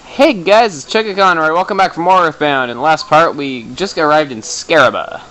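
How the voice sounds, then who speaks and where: A man giving chatty, excitable commentary while playing a video game, tossing in the odd swear for effect. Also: a little high, fairly quick, rough recording. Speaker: let's play host. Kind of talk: casual gameplay commentary.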